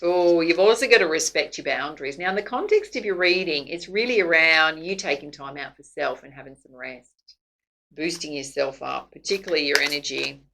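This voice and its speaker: A woman's voice: low voice, fairly quick, gravelly, a bit bright, rough recording. A woman doing a casual tarot reading to camera, chatty and laughing often. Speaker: psychic tarot reader.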